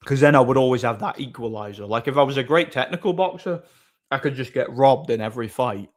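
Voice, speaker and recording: A man's voice: mid-range voice, fast talker. A man chatting casually on a live stream, rambling as he answers his chat's comments.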